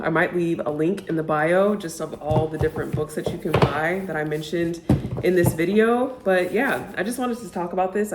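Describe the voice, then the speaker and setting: A young woman who vlogs about books chats casually to camera about the ones she loves, gushing and filling her talk with "like." Her voice is fairly low and darkish in tone, and the room is echoey.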